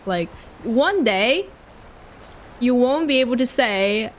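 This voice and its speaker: Aussie girl streaming a game, kinda high voice that jumps around a lot, chatting with chat. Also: lively intonation, takes it slowly, slight background noise. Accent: Australian. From Australia. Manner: chatty, answering chat while playing. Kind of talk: casual gameplay commentary.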